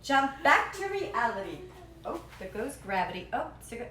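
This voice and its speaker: A woman's voice: a little high, big pitch swings, moderate pace, background noise. A woman hosting a live cooking demo from her home kitchen, chatty and playful, slipping into silly rhymes as she works. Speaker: cooking show host. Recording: echoey kitchen with clattering dishes.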